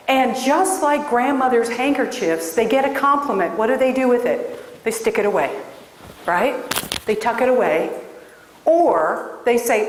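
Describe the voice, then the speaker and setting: A woman's voice: fairly high pitch, expressive, measured pace, slight background noise. Emphatic woman speaker in an echoing hall. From Des Moines, Iowa. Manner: emphatic, storytelling, addresses audience. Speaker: career coach and speaker. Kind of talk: keynote speech. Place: large hall before an audience. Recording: roomy hall with long echo.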